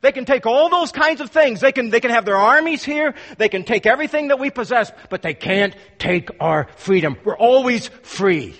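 Emphatic high-voiced preacher, hall reverb. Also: male voice, lively intonation, normal speed, few pauses, fairly bright tone. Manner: emphatic, rhetorical questions, acts out quoted voices. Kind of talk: expository sermon.

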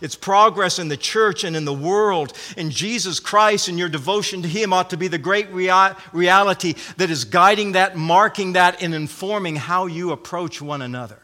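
A man's voice: sits high, sharp tone. A man preaching a sermon, emphatic, repeating phrases and restarting often. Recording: long hall reverb.

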